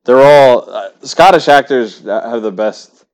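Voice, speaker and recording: A man's voice: mid-range voice, animated, takes it slowly, a little mellow. A man co-hosting a podcast in casual chat, talking emphatically and giving strong opinions. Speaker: podcast co-host. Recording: dull lo-fi sound.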